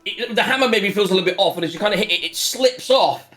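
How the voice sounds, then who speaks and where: A bright-voiced man narrating as game master, his tone light and fairly high. He laughs often and rambles through the action in a loose, chatty way. Faint music plays in the background. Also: fast. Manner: lively, giggly, rambling narration.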